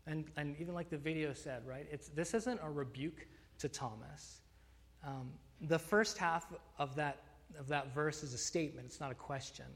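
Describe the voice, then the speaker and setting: A man's voice: a little high, moderate pace. A man preaching a sermon, earnest and emphatic, often restarting phrases with fillers. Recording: long hall reverb.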